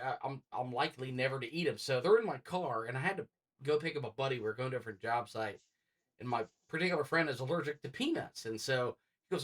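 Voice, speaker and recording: A man around forty co-hosting a podcast, telling animated stories and acting out the dialogue. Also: mid-range voice, a little fast, distant mic. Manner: animated storyteller, acts out dialogue. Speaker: podcast co-host. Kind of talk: casual storytelling.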